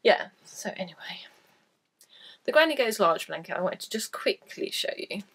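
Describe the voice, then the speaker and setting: Chatty woman, gravelly voice. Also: mid-range voice, big pitch swings, fairly quick, fairly bright tone, in a whisper. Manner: chatty and rambling, self-deprecating. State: coughing from a cold. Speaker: podcast host. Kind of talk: casual chat.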